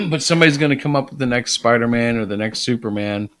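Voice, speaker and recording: A man's voice: mid-range voice, fairly quick, a bit bright. A man hosting a casual podcast, talking in a chatty, reflective way and laughing often. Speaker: podcast host and comic creator.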